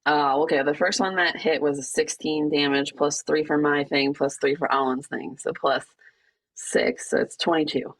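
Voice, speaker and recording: A woman playing in a tabletop game, chatty and giggly, asking quick rules questions and adding up her rolls aloud. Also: low-pitched, fairly even intonation. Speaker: player.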